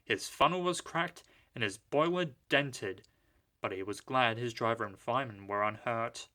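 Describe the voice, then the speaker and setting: A man reading a children's storybook aloud, narrating in a lively, expressive way. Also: medium pitch, moderate pace.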